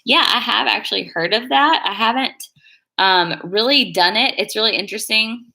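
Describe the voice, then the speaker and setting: A woman's voice: a little high, normal speed, creaky, sharp tone. A young woman chatting casually on a live stream, rambling and hedging as she works on her nails. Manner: rambling, chatty, hedges a lot. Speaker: beauty vlogger on a live stream. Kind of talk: casual chat while doing her nails.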